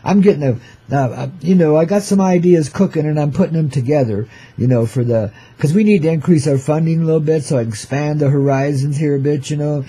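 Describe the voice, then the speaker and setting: Husky, mellow older male show host. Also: on the high side, fast talker. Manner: hip slang, calls listeners "babies" and "man"; easygoing, chuckling between lines. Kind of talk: laid-back rhyming radio monologue.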